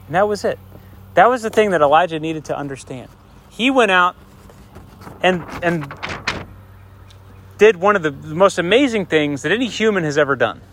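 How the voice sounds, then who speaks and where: A man preaching a sermon, retelling scripture conversationally, swinging between raised passages and hushed, soft asides and checking in with his listeners. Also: a little high, animated, moderate pace, long pauses, slight background noise.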